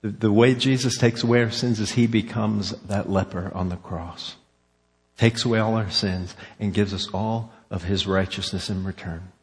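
A middle-aged pastor with a fairly low voice preaches in a long-echoing hall. He tells his story earnestly and ends quietly in prayer. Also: fairly even intonation, moderate pace. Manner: storytelling, earnest, growing emotional then hushed in prayer. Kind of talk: sermon with personal story.

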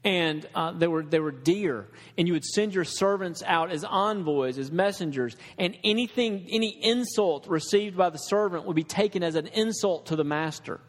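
Man, preacher, earnest conversational sermon, fairly high voice, long hall reverb. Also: normal speed, few pauses.

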